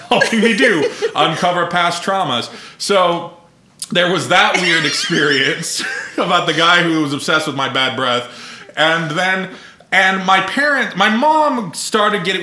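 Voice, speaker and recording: Podcast host, male, bright and slightly high voice, crude self-mocking storyteller, roomy echo. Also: animated, measured pace, a little hiss or hum. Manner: profane, self-mocking storytelling with frequent laughter. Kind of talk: casual podcast chat.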